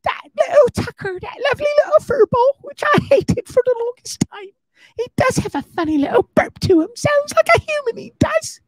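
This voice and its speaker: A man voicing a fussy older English mother with a put-on English accent, shrill and prim. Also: lively intonation, fairly quick, dry recording, poor audio. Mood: fondly scolding.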